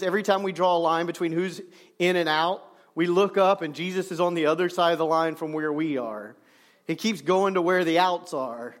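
High-voiced preacher, chatty and emphatic. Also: male voice. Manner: conversational preaching, self-deprecating humor, emphatic slowdowns. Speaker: pastor. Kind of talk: sermon. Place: church stage.

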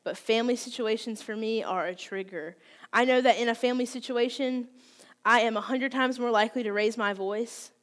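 Young woman, twenties, sermon, candid and conversational, somewhat high voice. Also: brisk. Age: 20s. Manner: candid, self-deprecating, conversational. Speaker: youth speaker.

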